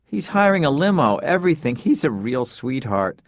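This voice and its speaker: A man's voice: medium pitch, big pitch swings, moderate pace, dry recording, voice pushed up. A man voicing a flustered middle-aged woman secretary who apologizes in a struggling way, in a storybook reading. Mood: apologetic.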